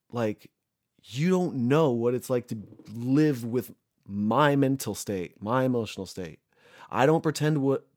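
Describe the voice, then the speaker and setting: A young man with a medium-pitched, slightly mellow voice, a recovering addict sharing his views, rants casually to camera. He sounds angry, swears a lot, and rambles with plenty of fillers.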